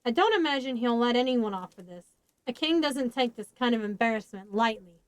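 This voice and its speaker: A woman's voice: a little high, lively intonation, fairly quick, clean tone, no echo, lightly acted, rough recording. A woman voicing a weary, blunt grown man in a storybook reading, talking plainly.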